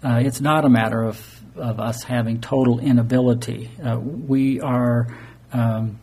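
A man's voice: mid-range voice, steady tone, unhurried, darkish tone, slightly rough. A man preaching an earnest, explanatory sermon, sometimes stumbling into fillers and restarts. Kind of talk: sermon teaching.

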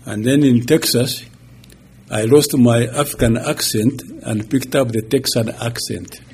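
A man in his sixties, a pastor giving a halting, chuckling personal testimony. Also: medium pitch, steady tone, a little mellow. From Uganda. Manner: slow, halting storytelling with chuckles.

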